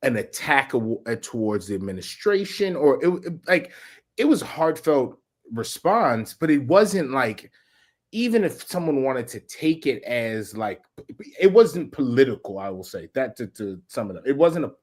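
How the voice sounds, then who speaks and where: A man's voice: medium pitch, sing-song. A man co-hosting a comedic news podcast, chiming in with wry asides. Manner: quick interjections, wry asides. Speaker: podcast co-host. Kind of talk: casual comedic news chat.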